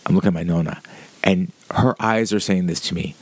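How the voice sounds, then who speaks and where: Low-voiced man rambling through a profane story. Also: fairly quick, breathy edge. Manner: rambling, profane, with frequent fillers. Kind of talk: casual anecdote telling.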